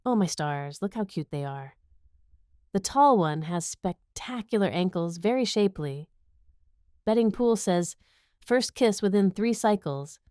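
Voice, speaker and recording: A woman's voice: mid-range voice, animated, a little slow, mellow, clean tone, no room sound, clean studio sound, lightly acted. A woman voicing the gossiping walls of an alien ship, a gushing matchmaking busybody, in an audiobook.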